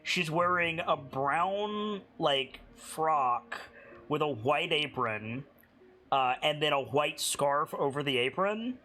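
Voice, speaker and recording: A man narrating a tabletop game as game master, chatty and halting, with frequent swearing and laughter. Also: on the high side, lively intonation, bright, forceful tone.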